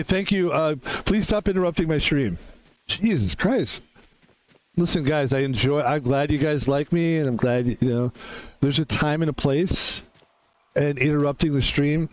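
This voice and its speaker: A hoarse man whose voice is still recovering, rambling chattily while he streams a game. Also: a little high, measured pace. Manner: rambling, chatty, self-mocking. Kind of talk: casual live-stream chat while gaming.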